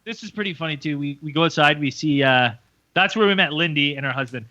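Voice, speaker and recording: High, bright-voiced man telling stories. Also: fast talker, dry recording, dull audio. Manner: swearing, animated retelling with acted quotes. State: hungover. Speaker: podcast co-host. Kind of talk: casual storytelling among friends.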